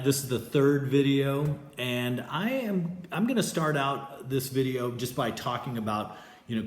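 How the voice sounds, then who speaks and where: Slow, unhurried male poetry teacher, roomy. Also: medium pitch. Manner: loose and hesitant, with frequent fillers and restarts. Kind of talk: informal classroom lecture. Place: classroom with a chalkboard.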